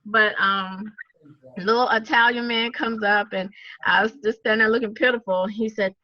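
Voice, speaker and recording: A woman with a Southern accent, an animated storyteller who laughs often and acts out what people said, talking casually to a group on a video call. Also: fairly high pitch, moderate pace, no room sound. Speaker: network marketing speaker. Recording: dull, dry lo-fi sound.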